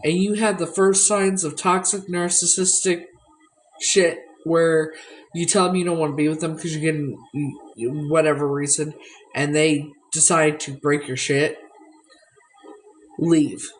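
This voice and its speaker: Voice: mid-range voice, little pitch movement, measured pace, rough recording. A vlogger talking frankly and reflectively at home, swearing freely about their past. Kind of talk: candid personal vlog talk. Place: at home indoors.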